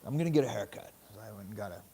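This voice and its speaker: A man leading a meditation group, telling a story in a relaxed, casual way, swearing freely and laughing often. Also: fairly low pitch, racing, slight background noise. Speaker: meditation teacher. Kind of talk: casual dharma talk.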